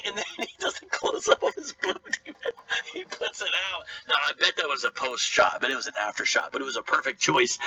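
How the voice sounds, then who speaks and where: Animated man reacting live, laughing often. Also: fairly high pitch, moderate pace, husky, far from the mic, poor audio. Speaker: streamer reacting to a video.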